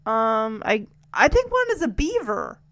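Brief: high, bright-voiced woman, chatty recap host, laughs a lot, close mic. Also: measured pace. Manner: animated, laughs often, acts out characters' lines. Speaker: video host recapping a TV episode. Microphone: close desk microphone.

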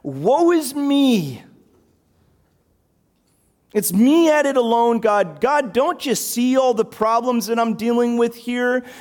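A preacher acting out a self-pitying adult male prophet, complaining in a whiny, drawn-out voice. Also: very high voice, expressive, a little mellow, voice pushed up, full character voice.

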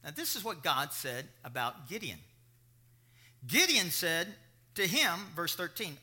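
Middle-aged male preacher, high ringing voice, animated sermon with stories. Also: unhurried, breathy edge. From Kentucky. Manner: animated preaching with storytelling asides. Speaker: pastor.

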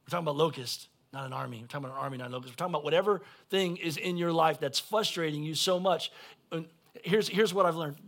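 A man, preaching a sermon as pastor and swinging between quiet asides and loud shouted calls. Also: a little high, fast. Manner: blunt, folksy preaching.

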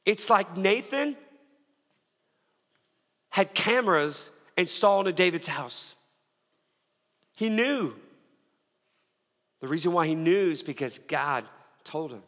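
A man's voice: sits high, expressive, slow, pauses often, a bit bright. A middle-aged man preaching a sermon as pastor, telling a story with frequent restarts and repeated words. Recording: long reverb of a large hall.

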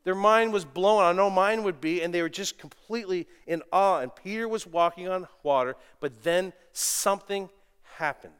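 Animated preacher man in a reverberant church. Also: sits high, moderate pace, clear, resonant tone. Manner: animated, swings between loud exclamations and soft asides; storytelling with self-deprecating humor. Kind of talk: sermon. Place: church sanctuary. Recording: long reverb of a church hall.

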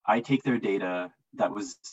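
A man answering interview questions in an easy, conversational way, his voice husky and slightly low. He gets enthusiastic and repeats words as he talks. The audio is dull and lo-fi, like a remote call. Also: normal speed. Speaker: interview guest, marketing analyst.

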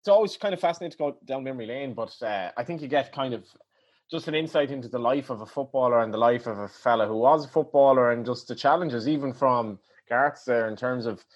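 A man's voice: medium pitch, fast talker, muffled recording. A man co-hosting a sports podcast, reflective and full of fillers. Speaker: podcast co-host. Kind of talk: casual chat.

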